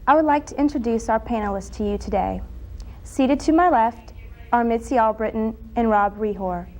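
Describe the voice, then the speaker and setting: A woman's voice: a little high, a little fast, mellow, low-quality recording. A young woman from Florida moderating a student discussion panel, reading formal introductions with the odd slip. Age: young adult. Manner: reads introductions evenly, with small slips.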